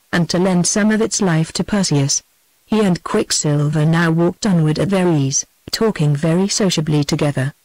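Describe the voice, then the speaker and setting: A text-to-speech woman's voice with a British accent, reading a storybook aloud in an even, synthetic cadence. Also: lowish voice, no room sound, rough recording. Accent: British English. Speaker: audiobook narrator. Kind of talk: text-to-speech audiobook narration.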